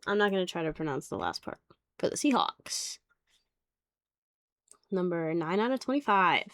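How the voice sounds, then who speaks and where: This young adult woman reveals graded trading cards live, casual and blunt, swearing plenty and laughing easily. Her fairly low voice swings widely in pitch at normal speed and sounds a bit bright, in studio-quality audio with no room sound.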